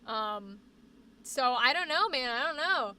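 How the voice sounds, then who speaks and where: Woman, young adult, faint Boston accent, high pitch, casual stream chat, quick bursts, fillers. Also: smooth. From New England (born in Boston, raised on the New Hampshire border). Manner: chatty and animated, fast bursts, trails off into fillers. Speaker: livestream host. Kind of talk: casual chat reading viewer comments.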